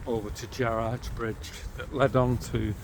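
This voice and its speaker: A man's voice: mid-range voice, level tone, a little slow, background noise. Local St Helens man, middle-aged, cheerful casual guide filming a walk outdoors on a handheld camera. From St Helens, England. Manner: chatty, easygoing, cheerful about local sights. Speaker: vlogger guiding a railway walk. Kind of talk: casual walking-tour narration. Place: outdoors by canals and old railway line. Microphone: handheld camera while walking.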